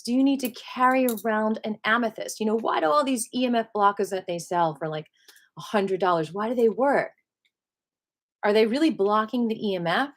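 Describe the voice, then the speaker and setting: A woman with a mid-range voice teaches qigong in a casual spoken lesson, posing plenty of rhetorical questions and animatedly acting out other people's voices.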